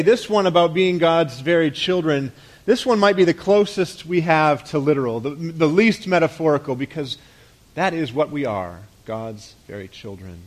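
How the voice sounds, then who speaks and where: Man preaching, slightly high voice. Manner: conversational preaching with rhetorical questions and soft drops at phrase ends. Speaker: pastor. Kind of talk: sermon.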